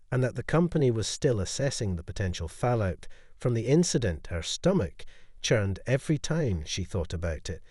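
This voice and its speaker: Man narrating a story, lively pitch. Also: dry recording, clean studio sound.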